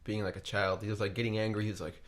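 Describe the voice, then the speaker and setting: A man's voice: on the low side, flat delivery. A young man co-hosting a podcast, talking earnestly and casually with lots of fillers. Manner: quick, earnest, full of fillers. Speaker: podcast co-host. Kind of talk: casual chat.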